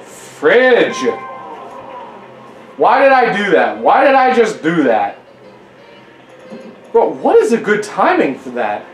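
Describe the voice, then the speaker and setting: A young man giving casual gameplay commentary at home, exasperated and yelling at the game. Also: sits high, reverberant, poor audio. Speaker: gaming YouTuber. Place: home living room.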